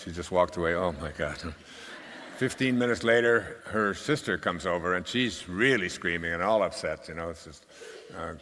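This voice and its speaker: Older male speaker, deep low voice, casual rambling storyteller with dry wit, in a hall with long reverb. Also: moderate pace, sharp tone, a little hiss or hum. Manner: rambling and conversational, many fillers, dry humor. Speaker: speaker at a live talk. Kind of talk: anecdotal storytelling talk. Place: stage at a live event.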